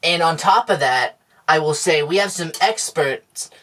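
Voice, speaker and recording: A man co-hosting a comedy podcast, deadpan and mock-reassuring, with frequent stammers. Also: fairly high pitch, unhurried. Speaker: podcast co-host.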